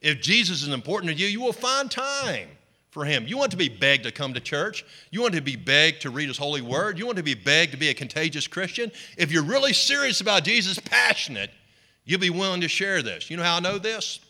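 A male pastor preaching a sermon in an animated way, leading the congregation in call-and-response. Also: a little high, fast.

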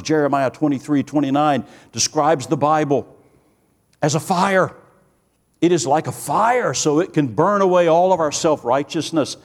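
A man's voice: fairly high pitch, measured pace, in a large hall. A man preaching a sermon with earnest emphasis, building through rising lists of phrases and telling stories with quoted dialogue.

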